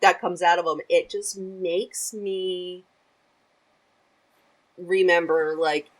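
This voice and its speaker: A woman's voice: lowish voice, fairly even intonation, slow pace, low-quality recording. A woman guest on a podcast, chatting casually and animatedly and laughing easily. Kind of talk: casual chat.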